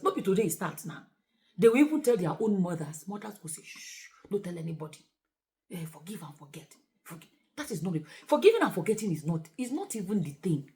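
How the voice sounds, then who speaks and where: Lively Nigerian woman vlogging. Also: a little high. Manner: animated, switches into Pidgin, laughs often. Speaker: vlogger and shortlet host. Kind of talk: casual vlog monologue.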